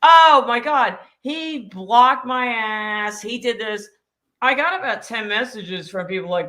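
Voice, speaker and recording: Brassy woman co-host, blunt and foul-mouthed; bright, higher voice. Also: slow. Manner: blunt, profane, animated ranting. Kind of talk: casual podcast chat.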